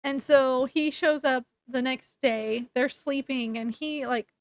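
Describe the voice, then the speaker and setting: High-voiced chatty woman recapping a book. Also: fairly even intonation, slow pace. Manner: rambling, chatty, many fillers and restarts. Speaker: book reviewer. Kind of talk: casual book review recap.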